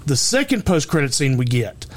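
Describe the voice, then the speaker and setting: A man's voice: mid-range voice, sing-song, moderate pace. A man co-hosting a podcast, rambling sarcastically about a movie with a lot of restarts and some swearing. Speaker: podcast co-host. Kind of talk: casual movie review chat.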